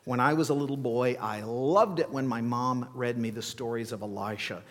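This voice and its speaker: A man preaching as a pastor, telling the story in an animated way, acting out scenes with playful asides. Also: medium pitch, normal speed. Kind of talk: sermon. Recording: long hall reverb.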